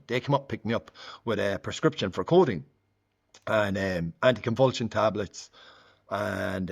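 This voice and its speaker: A man in conversation, candidly recounting his recovery story and acting out the dialogue in it. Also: lowish voice. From Ireland. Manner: candid, frequent "like" fillers, acts out quoted dialogue. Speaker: guest sharing recovery story.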